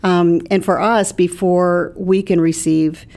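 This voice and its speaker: Low, gravelly woman musing on faith. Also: steady tone, darkish tone. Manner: reflective, unhurried, quotes scripture, frequent ums. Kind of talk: conversational faith discussion.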